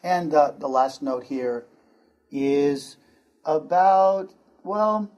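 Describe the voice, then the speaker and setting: A man from the United States with an American accent, teaching an English pronunciation lesson and repeating words slowly and clearly for learners to copy. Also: a little high, animated, darkish tone, dull audio.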